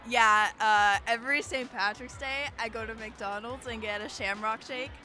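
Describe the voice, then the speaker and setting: A woman's voice: a little high, fairly even intonation, moderate pace, bright, forceful tone, faint music behind. A teenage girl cheerfully answering street interview questions outdoors. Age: teens.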